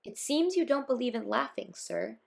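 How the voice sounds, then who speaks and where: A woman voicing a kind, hopeful male court jester in a storybook reading, gentle and coaxing. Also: a little high, lively intonation, normal speed, creaky, voice pushed up, heavily acted.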